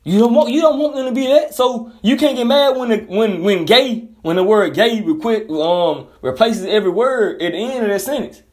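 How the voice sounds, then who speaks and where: A man's voice: high-pitched, normal speed, hardly any pauses. A man delivering a blunt, profane, heated casual monologue as a commentator.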